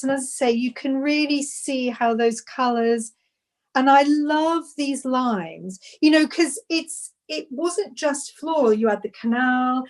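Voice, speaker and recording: A woman's voice: sits high, a little mellow. A woman knitwear designer chatting on a video call, gushing and rambling with lots of restarts. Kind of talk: casual live video chat.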